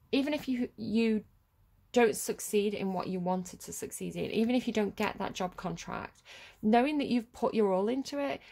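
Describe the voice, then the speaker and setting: Woman, tarot reader, chatty, rambling, mid-pitched voice. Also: darkish tone. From United Kingdom. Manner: rambling, chatty, wanders off on tangents. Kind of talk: casual tarot reading chat.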